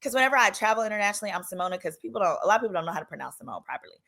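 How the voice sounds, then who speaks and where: A woman attorney hosting a casual storytime vlog, with a strong accent and an animated, chatty delivery that slips into voices for dialogue. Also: medium pitch, racing, gravelly. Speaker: attorney and channel host.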